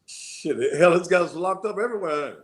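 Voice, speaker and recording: A man's voice: sits high, normal speed. A man, a guest pastor talking blunt and cussing over a video call. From Memphis, Tennessee.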